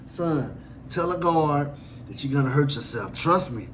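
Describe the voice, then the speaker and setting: A man's voice: fairly high pitch, animated, measured pace, fairly bright tone, slight background noise, voice pushed down. A man voicing his mother, a scheming middle-aged woman who coaxes him insistently. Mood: coaxing.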